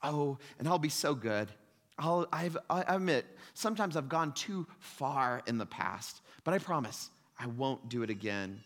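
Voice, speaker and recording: A man's voice: medium pitch, lively intonation, moderate pace, fairly bright tone, lightly acted. A man voicing a lizard creature that begs and wheedles, in a storytelling sermon. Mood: wheedling. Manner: wheedling, pleading. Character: whining pleading male lizard creature. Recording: long hall reverb.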